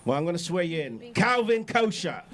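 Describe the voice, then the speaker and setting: A man hosting a talk show, playful and loud, with a catchphrase he repeats again and again. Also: on the high side, normal speed. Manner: shouty, playful, repeats "that's right". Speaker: host. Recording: lively crowd chatter behind.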